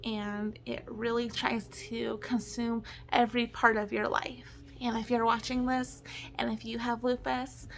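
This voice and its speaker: A woman's voice: fairly high pitch, level tone, a little slow, creaky. A woman in her thirties, a stay-at-home mom, talking in an earnest, apologetic personal vlog while choking up with tears. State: tearful, choking up.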